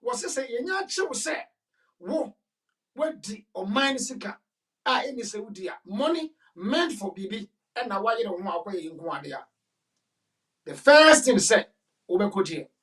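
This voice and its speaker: A woman's voice: medium pitch, animated, moderate pace, far from the mic, rough recording. A woman with a Ghanaian accent hosting a talk show, giving emphatic, repetitive commentary that slips into Twi. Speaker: show host.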